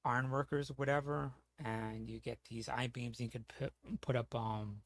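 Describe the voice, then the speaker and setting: Gravelly-voiced man rambling casually. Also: medium pitch, flat delivery, moderate pace. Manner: rambling, lots of fillers and restarts; swears casually. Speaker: streamer.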